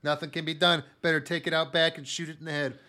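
A man on a podcast recapping an anime with deadpan humor, sometimes putting on loud silly voices. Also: on the high side, fast. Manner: deadpan storytelling, bursts into loud mock voices. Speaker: podcast host. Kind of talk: casual comedic anime recap.

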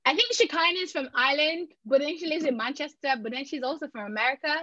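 A woman's voice: high-pitched, quick pace, sharp tone, no room sound. Chatty young woman podcast host. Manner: chatty, laughing, restarts and fillers. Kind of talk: casual podcast chat. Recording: dull, dry lo-fi recording.

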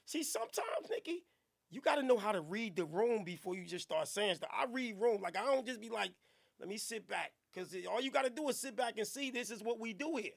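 A man hosting a radio podcast, riffing in casual, profane, animated banter. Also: sits high, a little fast, vocal fry. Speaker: radio show host. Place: radio studio.

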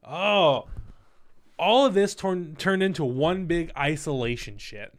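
A young man in his twenties telling a personal story in casual, profane, animated talk. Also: a little high, moderate pace. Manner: candid, profane, animated retelling.

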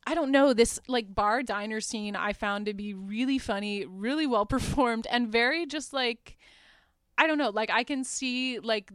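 A young woman hosting a podcast chattily recaps a horror film, full of "like" and little laughs, acting out quotes as she goes. Her voice is fairly high, a bit bright, and smooth, recorded at studio quality with no echo.

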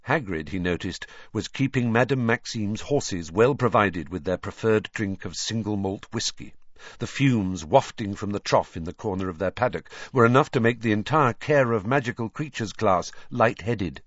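Male reader for audiobook narration, measured and expressive, dry booth, a bit dull. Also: on the low side, breathy edge, no echo. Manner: measured storytelling. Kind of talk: scripted narration. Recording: dry, slightly dull studio recording.

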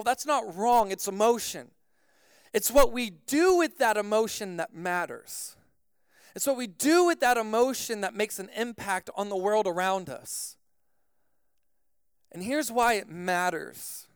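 A man preaching a sermon as pastor, telling a personal story in an animated way with frequent "like" fillers. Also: high-pitched, clear, resonant tone, no room sound, clean studio sound.

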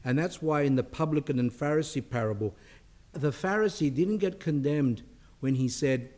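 A middle-aged man delivers a spiritual talk to listeners in an easygoing, conversational way. He often restarts his sentences and drifts into short asides. His voice sits at a medium pitch. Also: animated, fairly quick, a little mellow. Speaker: priest giving a talk.

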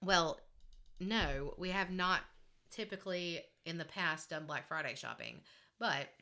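Bright, animated young woman. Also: fairly low pitch, measured pace. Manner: animated, laughing, acts out quotes. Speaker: podcast co-host. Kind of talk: casual storytelling chat.

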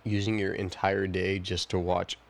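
A man's voice: sits low, flat delivery, normal speed, vocal fry. A young man co-hosting a podcast in casual chat, earnest and reflective, often hedging his views. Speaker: podcast co-host.

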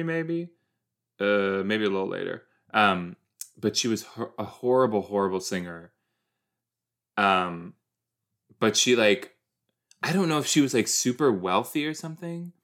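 A man's voice: on the low side, a bit bright. A man hosting a casual reaction show, chatty and rambling, full of restarts and wry, teasing jokes. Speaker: podcast host reacting to a teen TV series.

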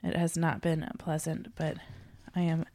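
A woman's voice: deep voice, flat delivery, measured pace, dark tone, no room sound. Female podcast host, winded and rambling, dry close sound. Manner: rambling, talkative, tired. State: out of breath, recovering from illness. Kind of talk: casual chat.

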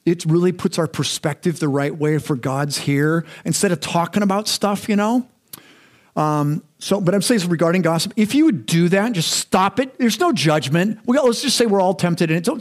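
Casting note: middle-aged man, pastor, slightly higher voice, casual and candid delivery with frequent restarts. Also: moderate pace. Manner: conversational, self-deprecating, repeats words when restarting. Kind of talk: sermon.

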